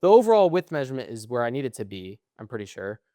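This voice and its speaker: A young man on a podcast sounds worn out and short on sleep. He tells meandering stories full of swearing, and his voice often sinks low at the end of a thought. The tone is smooth and clear, recorded close and dry. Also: sing-song, fast, no room sound. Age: young adult. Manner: rambling, profane storytelling, trailing off quietly. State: tired. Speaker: podcast co-host. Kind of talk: casual chat.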